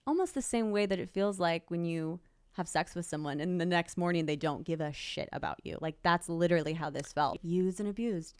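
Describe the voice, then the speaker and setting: A woman's voice: on the low side, brisk, clean tone, dry recording, studio quality. A young woman, an interview guest, emphatically retelling a personal story and quoting what people said. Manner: emotional, emphatic retelling with quoted dialogue.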